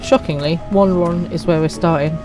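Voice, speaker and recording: A woman's voice: fairly low pitch, fairly even intonation, normal speed, a little mellow, faint music behind, low-quality recording. A woman streaming a game, chatting casually and teasing herself. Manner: chatty, self-mocking. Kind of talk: casual gameplay commentary.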